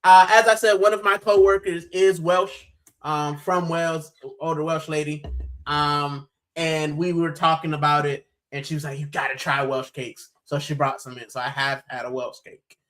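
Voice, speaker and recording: A man's voice: a little high, level tone, normal speed, a bit bright, low-quality recording. A man from Puerto Rico hosting a football channel's live stream, chatting casually and animatedly, with plenty of "bro".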